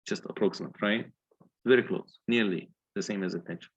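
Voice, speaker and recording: A man with a lowish, slightly rough voice speaks briskly over lo-fi audio. He lectures on engineering, methodically working through calculations step by step and putting questions to his students.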